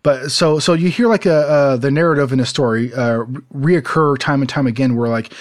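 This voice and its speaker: A man's voice: medium pitch, fairly quick, few pauses. A man chatting casually as a podcast co-host. He rambles, with many fillers and restarts, and he laughs easily. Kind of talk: casual chat. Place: home, desert city.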